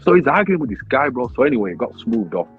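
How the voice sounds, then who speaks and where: A man, a grime artist and battle rapper telling a story in a casual interview, animated, swearing often and saying "bro" all the time. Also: medium pitch, quick pace. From Leeds, England. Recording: tinny phone-like sound with faint music.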